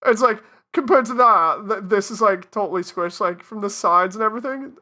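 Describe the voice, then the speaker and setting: Bright-voiced woman chatting through a stream. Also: medium pitch, moderate pace. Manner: self-deprecating, talks herself through a task, laughs at her mistakes. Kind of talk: casual live-stream commentary.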